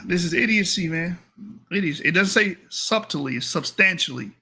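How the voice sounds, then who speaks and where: A man's voice: high voice, lively intonation, a little slow, pushed and bright, breathy edge. A man giving heated reaction commentary, mocking and profane as he corrects someone's reading of a paper.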